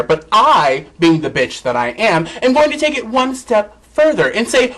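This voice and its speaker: A man dishes celebrity gossip on his vlog in a high, bright voice. He is sassy, campy and outspoken. His pitch leaps up and drops low. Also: sing-song, moderate pace, rough recording. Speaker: vlog host.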